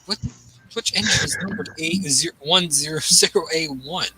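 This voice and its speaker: A man with a fairly high voice chats in a loose, rambling way, piling up fillers as he thinks aloud. He sounds excitable and unpolished. A steady hiss of noise sits under the recording. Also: normal speed, low-quality recording. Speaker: gaming channel host. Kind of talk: casual chat while gaming.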